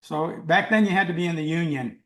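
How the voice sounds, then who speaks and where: Older male storyteller, high-pitched, animated, roomy echo. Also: a little fast. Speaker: guest. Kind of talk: storytelling in an interview.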